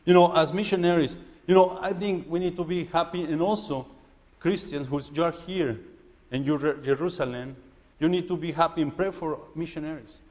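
A man who is a missionary preaching in a church, halting and repeating words as he urges the congregation. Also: a little high, darkish tone, long reverb tail. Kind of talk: sermon.

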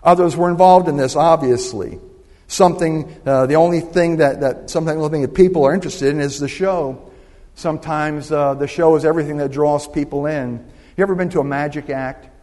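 A man's voice: fairly high pitch, fairly quick, dark tone. A man in his sixties preaching a sermon, telling a story and drawing the congregation into call-and-response. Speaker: pastor. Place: church sanctuary. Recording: long hall reverb.

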